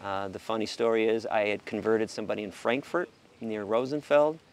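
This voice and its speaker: A middle-aged American man from the United States, a guest in a casual interview, telling stories in an animated, profane way and acting out quotes. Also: fairly low pitch, a little fast.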